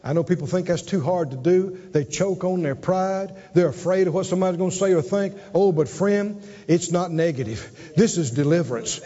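A male preacher delivering an emphatic sermon, calling out to the congregation and swinging between soft and loud. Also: brisk. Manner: emphatic, call-and-response, dramatic swings in pitch and volume. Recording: dull recording with long hall reverb.

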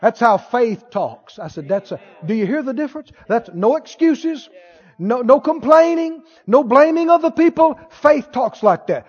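A man's voice: very high-pitched, lively intonation, normal speed, darkish tone. A man preaching a sermon with emphasis, asking the crowd for replies. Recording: dull lo-fi sound in a reverberant hall.

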